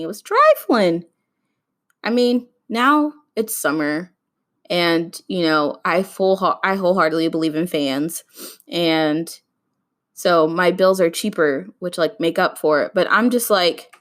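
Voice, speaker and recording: A woman's voice: medium pitch, a bit bright. A woman in her twenties hosting a casual solo podcast, chatting and ranting straight to her listeners. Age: 20s. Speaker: podcast host.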